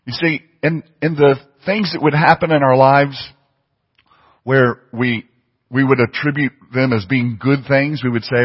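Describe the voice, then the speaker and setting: A man's voice: mid-range voice, moderate pace, husky. Man preaching in an echoing hall. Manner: emphatic, repeats phrases for stress. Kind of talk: sermon. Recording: muffled audio with long hall reverb.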